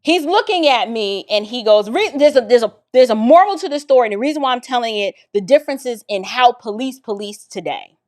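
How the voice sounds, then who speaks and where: A woman from the Bronx telling a personal story in a casual, expressive way, talking straight to her listeners. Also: on the high side, brisk, hardly any pauses. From the Bronx, New York. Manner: animated and expressive, addresses listeners directly.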